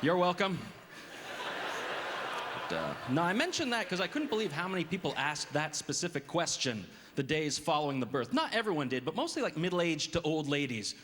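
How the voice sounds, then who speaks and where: A man's voice: fairly high pitch, big pitch swings, fairly bright tone. Casual male stand-up in an echoing hall. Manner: casual, halting with filler words. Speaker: stand-up comedian. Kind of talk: stand-up comedy. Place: comedy club stage. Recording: roomy hall with audience noise.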